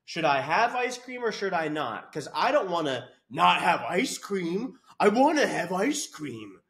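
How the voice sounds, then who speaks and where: High childish whine, lively swoops, a man doing an overweight guy begging for ice cream. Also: unhurried, heavily acted. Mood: whiny.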